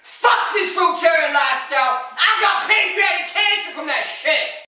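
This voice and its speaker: Man putting on a cursing, rambling movie star, high-pitched, sharp tone, distant from the mic. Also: animated, normal speed, full character voice. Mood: ranting. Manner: profane rambling rant. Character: crude jittery male Hollywood actor craving drugs. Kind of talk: parody impression monologue. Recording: echoey room, far from the mic.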